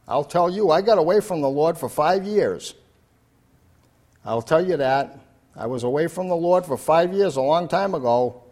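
A man's voice: a little high, expressive, measured pace, long pauses, darkish tone. An older man preaching a sermon in an earnest, repetitive way, building to emphatic declarations.

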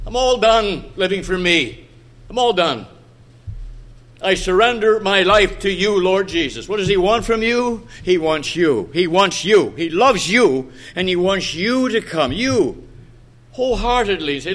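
A man's voice: high-pitched, very animated, unhurried, fairly bright tone. Fervent pleading male preacher. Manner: fervent, pleading, swelling and dropping in volume. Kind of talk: sermon. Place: church meeting room.

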